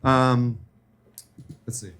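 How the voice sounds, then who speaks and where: A man's voice: medium pitch, little pitch movement, drawn-out words, fairly bright tone, clear, resonant tone. A young man hosting a live comedy show, joking loosely, swearing and laughing at his own stories. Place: live venue with audience.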